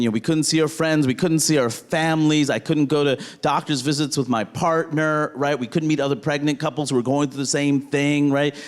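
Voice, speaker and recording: A man performing a stand-up set in a rambling way, tagging lines with "right?" and bursting into outrage, on a handheld stage mic. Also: on the high side. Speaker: stand-up comedian. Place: comedy stage with audience.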